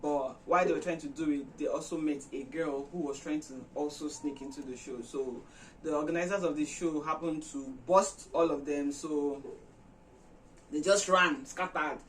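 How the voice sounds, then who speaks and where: A woman vlog host retelling a movie plot in a chatty, animated way with many fillers. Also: deep voice, moderate pace, distant mic, a little hiss or hum, poor audio. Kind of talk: casual storytelling retelling a film.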